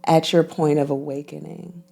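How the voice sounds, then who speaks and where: Woman, very low voice, gravelly, dark tone, measured, repeats for emphasis. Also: steady tone. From United States. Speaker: guest, intuitive healer and physician. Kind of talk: reflective interview talk.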